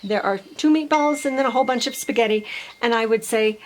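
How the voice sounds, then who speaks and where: A woman's voice: a little high, brisk, slight background noise, low-quality recording. Patient woman teacher explaining to parents. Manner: patient, explains step by step and models simple sentences. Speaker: speech-language teacher. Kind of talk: instructional tutorial for parents.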